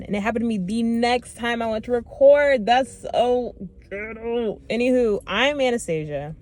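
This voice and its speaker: A young woman talking to camera in a casual book review vlog, chatty and animated, with lots of fillers and exasperated asides. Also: fairly high pitch, moderate pace. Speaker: book vlogger.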